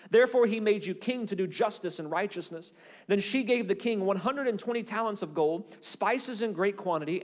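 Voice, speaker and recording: High-voiced male pastor preaching in a hall. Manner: animated storytelling, acts out voices in Bible stories. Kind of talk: sermon. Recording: hall reverb.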